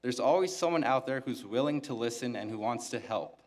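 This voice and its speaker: Young guy valedictorian at the podium, flat monotone voice, dry jokes, mid pitch. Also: brisk. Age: young adult. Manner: deadpan, self-mocking humor. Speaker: valedictorian giving a graduation speech. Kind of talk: graduation speech. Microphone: podium microphone.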